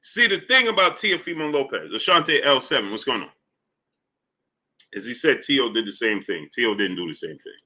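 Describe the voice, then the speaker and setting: A man with a very bright, forceful tone hosts a boxing live stream at a middle pitch. He greets chat viewers by name and builds his points with emphatic, repeated questions. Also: very animated, normal speed. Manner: shouts out chat names between points, rising emphatic questions. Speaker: boxing channel host.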